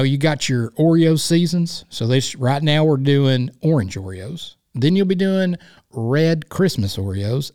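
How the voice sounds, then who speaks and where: A man chats alone into his podcast mic. He rambles from topic to topic in a playful, folksy way, with colorful turns of phrase. His voice sits at an ordinary middle pitch. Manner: rambling, folksy and playful, warmly effusive sign-off. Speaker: podcast host. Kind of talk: casual solo podcast monologue.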